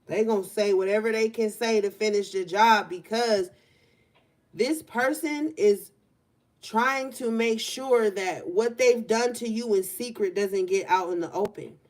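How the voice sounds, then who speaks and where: A woman's voice: mid-range voice, darkish tone. A young woman talking casually through a collective tarot reading, stretching out words for emphasis, in a room by an open window. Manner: casual, conversational, drawn-out emphasis. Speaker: tarot reader.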